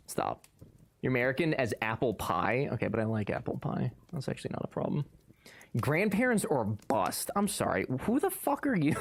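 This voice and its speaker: A young man streams and banters with his chat in a loose, joking way. His pitch leaps up and down as he gets playfully worked up, though his voice usually sits at an ordinary middle height. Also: big pitch swings, moderate pace, creaky. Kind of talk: casual chat reading live chat.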